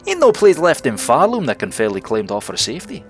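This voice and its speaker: A man's voice: mid-range voice, huge pitch swings, fast talker, music in the background, pitched above the performer's own voice. A man voicing a chatty old male bug innkeeper who talks in a rustic, homely dialect. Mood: folksy.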